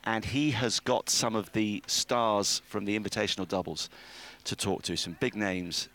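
A man presenting on sports radio, briskly running through the day's schedule and joking with co-hosts. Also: lowish voice, fairly even intonation, fairly bright tone. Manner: brisk, jokey, reels off schedules. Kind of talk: sports radio chat and preview.

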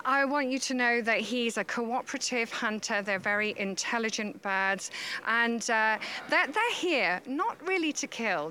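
A woman working as a falconer, answering interview questions in a chatty, halting way with many fillers. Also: on the high side, sharp tone.

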